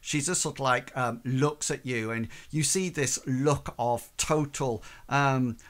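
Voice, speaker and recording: A man's voice: mid-range voice, fairly bright tone. A man narrating a tabletop game as game master, hesitant and full of fillers. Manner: slow, halting, full of ums and sort-of-likes.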